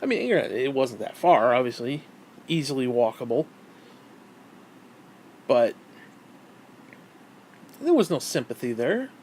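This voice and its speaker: A man's voice: medium pitch, sing-song, slow, long pauses, darkish tone, slight background noise. Furious, profane man ranting. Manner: hostile, heavily profane. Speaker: vlogger. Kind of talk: angry personal rant.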